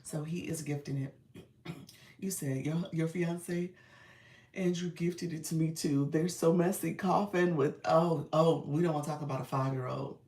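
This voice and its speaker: A middle-aged woman hosting a casual live stream, congested and clearing her throat, chatting and laughing with her viewers. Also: low-pitched, steady tone, normal speed, a little mellow, roomy sound, distant mic. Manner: chatty, laughs often, addresses viewers as y'all. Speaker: live stream host and creator coach.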